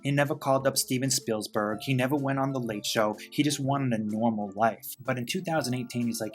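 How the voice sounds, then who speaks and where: A man's voice: mid-range voice, brisk, hardly any pauses. Campy male vlog host, chatty storyteller, faint music bed.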